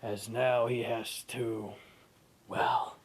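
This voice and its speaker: A man's voice: mid-range voice, takes it slowly, breathy edge. A man casually telling an improvised adventure story and correcting himself as he goes. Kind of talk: improvised fan-fiction storytelling.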